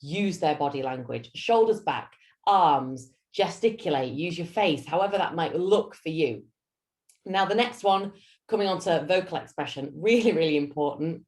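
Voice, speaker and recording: A woman with a Yorkshire accent coaching a team on public speaking. Her voice sits low, but she delivers it in a theatrical, up-and-down way that keeps the training talk animated. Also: normal speed. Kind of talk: lunch-and-learn training talk.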